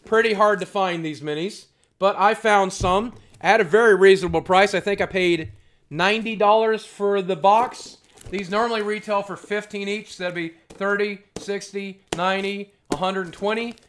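Rambling, somewhat high-voiced male streamer. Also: steady tone, moderate pace, a bit bright. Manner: rambling, answers chat questions aloud; blunt and profane. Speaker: livestream host. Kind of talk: casual livestream chat.

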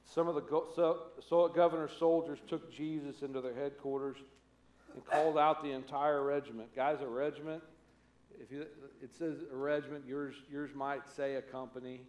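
A man's voice: on the high side, steady tone, moderate pace, a little mellow, roomy sound, slight background noise. A man preaching a conversational sermon as pastor, acting out the voices he quotes. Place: church sanctuary.

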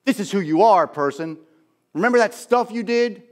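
A man's voice: high voice, expressive, moderate pace, voice pushed up. A man voicing a taunting devil in a sermon, sneering and mocking the listener. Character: taunting devil, male, scornful tempter.

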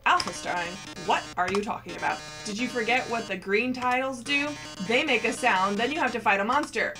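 A woman's voice: on the high side, a little fast, over music, lightly acted. A woman voicing a flamboyant, mocking male robot TV star who calls everyone darling, reading game dialogue aloud. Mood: menacing.

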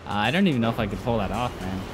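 A man's voice: medium pitch, animated, racing. Laid-back American guy streaming a game. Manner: laid-back, chatty, reads chat aloud. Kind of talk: casual gaming livestream chat. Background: game music.

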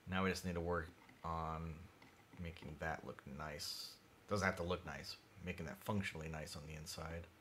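Male streamer, very low voice, muttering narration at the desk, faint room noise behind. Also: steady tone, moderate pace. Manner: mumbly, drifts quiet when concentrating. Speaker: livestreaming maker doing CAD design. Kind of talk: thinking-aloud livestream narration.

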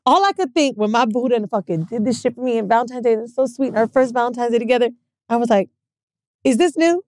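Speaking quickly in a fairly high voice, a young woman co-hosting a podcast shares a candid story in relaxed conversation. She's an animated storyteller who performs the quotes of the people involved.

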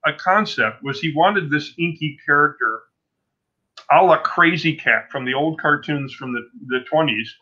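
A man in his sixties talks through his career as an interview guest, his voice cutting and bright. He rambles, doubles back and restarts his sentences as the anecdotes pile up. The recording is muffled and lo-fi. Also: a little high. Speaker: comic book artist guest. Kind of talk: casual interview storytelling. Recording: dull lo-fi sound.

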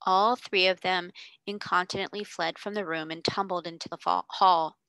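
A woman reading a children's classic aloud in a clear, steady narration. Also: fairly low pitch, normal speed, no room sound. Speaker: reader. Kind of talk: audiobook narration.

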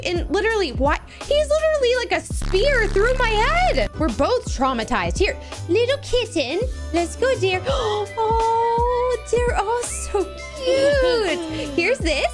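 Bubbly high-voiced woman narrating her game. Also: sing-song, measured pace. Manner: bubbly, gushing, talks to the animals. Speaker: gaming channel host. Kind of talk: playing a video game with live commentary. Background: background music.

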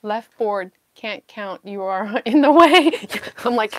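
Speaking slowly and animatedly in a mid-range voice, a puzzle channel host from New Zealand runs a relaxed live stream, chatting to herself as she hunts and laughing a lot.

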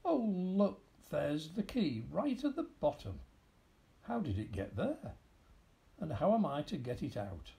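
Male reader playing a muttering old farmer, gravelly and lively, storybook grump. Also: fairly high pitch, a little slow, pitched above the performer's own voice, exaggerated voice. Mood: grumbling. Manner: grumbling, muttering. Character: fussy old male farmer, absent-minded and grumbling.

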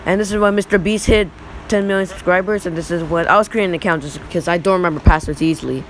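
A young male YouTuber in his teens giving rambling, excitable reaction commentary over old photos. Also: high-pitched, fast, a little hiss or hum, poor audio. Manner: rambling, excitable, repeats "look".

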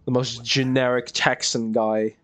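A man's voice: medium pitch, level tone, measured pace, fairly bright tone. A young man giving casual, self-mocking commentary while playing a video game, laughing often. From Australia. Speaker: gaming youtuber. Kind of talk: casual let's-play commentary.

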